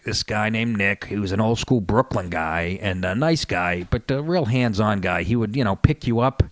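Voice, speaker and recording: A man's voice: lowish voice, moderate pace, no room sound. A man, a comedian hosting a radio show, telling road stories in a rambling, profane way. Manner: profane, rambling, with restarts and laughs. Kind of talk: casual storytelling monologue. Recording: dry radio studio sound.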